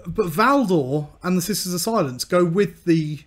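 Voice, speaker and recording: A man's voice: sits high, lively intonation, normal speed. Chatty man adding lore details. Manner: chatty, adds side details. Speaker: podcast co-host. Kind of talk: casual lore chat.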